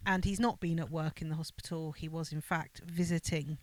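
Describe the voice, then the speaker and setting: A woman's voice: low-pitched, fairly even intonation, a little fast, no room sound, poor audio. A woman co-hosting a podcast, casually recapping a film, agreeing often and filling in plot details. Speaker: podcast co-host.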